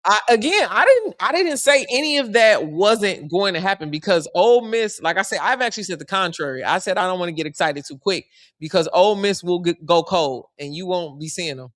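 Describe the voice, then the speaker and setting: A man's voice: high-pitched, fairly quick, hardly any pauses, no room sound, clean studio sound. A young man giving casual, joking live commentary on a basketball game. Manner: animated, joking, slangy and conversational. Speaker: sports commentary streamer.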